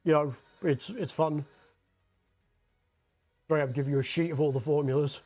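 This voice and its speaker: Scottish accent, young adult man, a bit higher-pitched, casual livestream chat, rambling and sweary. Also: steady tone, normal speed, a little mellow, faint music behind. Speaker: livestreamer painting miniatures. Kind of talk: casual chat while painting.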